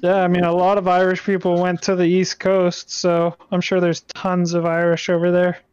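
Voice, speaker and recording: A man's voice: high-pitched, monotone, moderate pace, a little mellow, smooth, dry recording, lo-fi sound. A man chatting casually on a podcast, easygoing. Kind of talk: casual chat.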